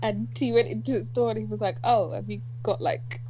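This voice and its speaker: A woman's voice: mid-range voice, steady tone, brisk, dark tone, dull audio, slight background noise. A woman co-hosting a podcast, telling stories in casual chat with lots of laughter. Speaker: podcast co-host.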